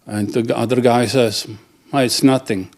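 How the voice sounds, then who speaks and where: Man, joke teller, halting, restarts words, mid-pitched. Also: steady tone, a little mellow. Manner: halting, restarts words, laughs at own punchlines. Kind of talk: telling dirty jokes.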